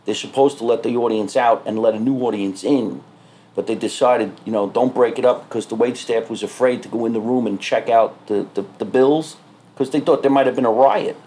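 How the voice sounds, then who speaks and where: A man, a stand-up comedian, telling stories in casual podcast talk, animated and swearing freely. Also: medium pitch, a little fast. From New Jersey.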